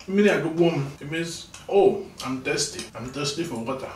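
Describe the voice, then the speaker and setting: A tired man teaching vocabulary in a casual video lesson, repeating each word slowly for pronunciation and chatting between drills. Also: on the high side, distant mic, slight background noise. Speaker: language teacher. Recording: echoey room, mic set back.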